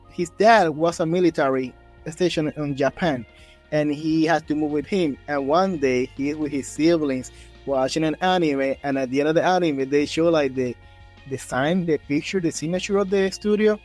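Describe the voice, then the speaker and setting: A podcast host with a slightly high voice tells a story animatedly at a moderate pace during a casual interview chat. He acts out quotes in raised voices, with soft music in the background.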